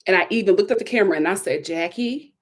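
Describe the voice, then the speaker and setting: A woman hosting a casual live review of a reality TV show, animated and incredulous, repeating herself for emphasis. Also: medium pitch, quick pace. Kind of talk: casual live recap chat.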